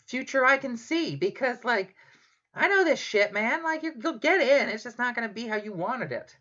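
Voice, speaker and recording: A woman voicing a small ancient wise alien master who speaks slowly with inverted phrasing. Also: on the high side, animated, sharp tone, lo-fi sound, voice pushed up. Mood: smug cryptic. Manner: backwards phrasing, slow and drawn out.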